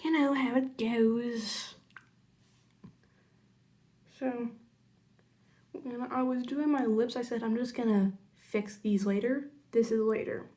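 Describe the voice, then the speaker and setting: A young woman chatting casually through a makeup tutorial, rambling into side stories and muttering quietly while she works. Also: on the high side, fairly even intonation, takes it slowly, pauses often. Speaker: makeup vlogger.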